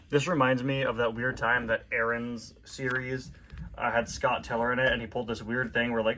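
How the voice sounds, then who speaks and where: A man's voice: mid-range voice, flat delivery, normal speed, bright, forceful tone, a little hiss or hum. A man reading comics aloud and commenting in a chatty, self-deprecating way. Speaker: toy and comic reviewer.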